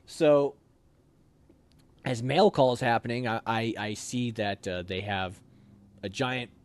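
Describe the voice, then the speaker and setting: A man's voice: mid-range voice, slow, clean tone. A young man casually telling a story from his army training, acting out the voices of others as he goes. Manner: animated, acts out quoted voices. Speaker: officer candidate interviewee.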